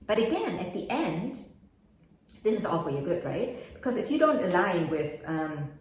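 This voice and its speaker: A woman's voice: lowish voice, sing-song, normal speed. A woman giving a casual astrology forecast, chatty and full of rhetorical questions. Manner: chatty, asks many rhetorical questions, laughs at herself. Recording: very echoey room.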